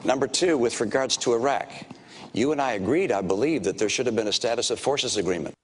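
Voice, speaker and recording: A man answering in a political debate, measured and emphatic as he lists his points. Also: mid-range voice, breathy edge, in a large hall.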